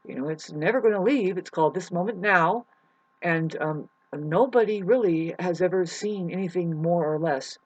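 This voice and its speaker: A spiritual vlogger talks straight to camera in a rambling monologue, often stopping and restarting. The voice sits at a middling pitch and breaks into loud, mocking bursts with casual swearing. The home-video sound is dull and lo-fi. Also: normal speed, no echo.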